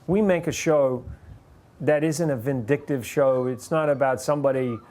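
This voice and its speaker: A man's voice: mid-range voice, normal speed, darkish tone. A man in his forties from New Zealand, with a partly Americanized New Zealand accent, telling anecdotes about his career as a TV host in an interview. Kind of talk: reflective interview storytelling.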